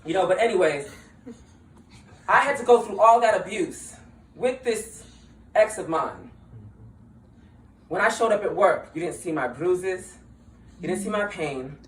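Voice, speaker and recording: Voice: medium pitch, lively intonation, unhurried, long pauses. A speaker giving an impassioned, conversational speech, slangy and laughing often while talking. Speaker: political speaker. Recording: roomy, distant mic, faint ambience.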